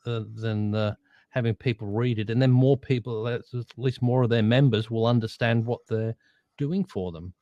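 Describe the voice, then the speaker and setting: A man chatting casually, talking things through with quick restarts. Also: medium pitch, warm tone, no echo, highs cut off. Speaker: co-host, voiceover worker. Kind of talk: casual chat.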